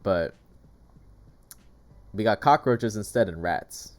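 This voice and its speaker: A man's voice: lowish voice, lively intonation, slow. A man in casual chat, telling stories with lots of "like" fillers. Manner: chatty storytelling, heavy use of "like". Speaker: gaming YouTuber. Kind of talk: casual chat while eating.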